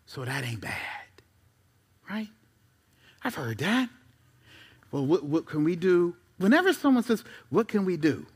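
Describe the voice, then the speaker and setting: A man preaching a sermon as pastor, conversational with rhetorical questions and asides, reading scripture with dramatic pauses. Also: high voice, sing-song, breathy edge.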